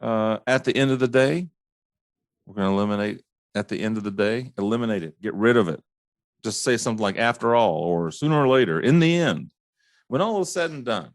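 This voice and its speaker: A man hosting his own show, ranting casually about overused phrases, stumbling and restarting often and mimicking others in a high mocking tone. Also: expressive, no room sound, studio quality. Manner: halting restarts, repeats words. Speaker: podcast host. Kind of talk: casual solo rant.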